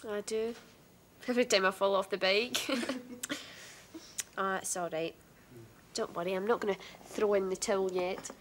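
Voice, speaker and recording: A woman's voice: mid-range voice, normal speed, long pauses, a little hiss or hum, natural voice. A young woman with a Scottish accent playing a cheerful, determined Glasgow teenage girl in a family drama. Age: young adult. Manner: lively, joking, self-mocking. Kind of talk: 1980s television drama acting.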